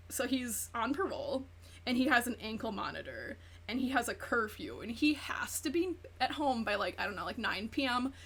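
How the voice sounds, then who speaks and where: A woman's voice: a little high, fairly bright tone, slightly rough. A woman streamer chatting casually while gaming, rambling through profane gossip and acting out quotes. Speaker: VTuber streamer.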